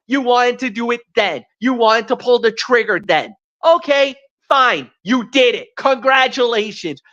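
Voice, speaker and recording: A woman's voice: a little high, fairly bright tone. A woman co-hosting a wrestling show, giving blunt, emphatic opinions in a ranting manner. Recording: dull lo-fi stream audio.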